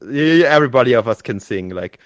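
A man's voice: medium pitch, lively intonation, brisk, no room sound. A man co-hosting a podcast and running a party game, teasing and giggly in casual chat.

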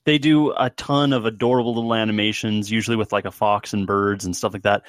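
Brief: low, dry-sounding man, loose rambling chat. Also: fairly even intonation, fast, no room sound. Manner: rambling, filler-heavy. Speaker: podcast co-host. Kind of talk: casual chat.

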